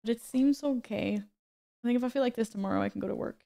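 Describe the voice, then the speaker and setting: A woman's voice: on the high side, fast, creaky, warm tone. A woman streaming a game and chatting casually, greeting viewers by name and laughing often, a little stuffy from a cold. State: slightly stuffy, recovering from a cold. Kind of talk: casual live-stream chat.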